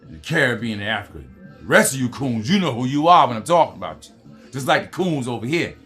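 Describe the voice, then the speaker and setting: An American man rants through his political commentary with a lot of heat and plenty of cursing. His voice sits at an everyday middle pitch, and he fills the gaps with "you know". A little music plays softly underneath. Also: big pitch swings, quick pace. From United States. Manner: heated, profane, repeats "you know". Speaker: commentary host.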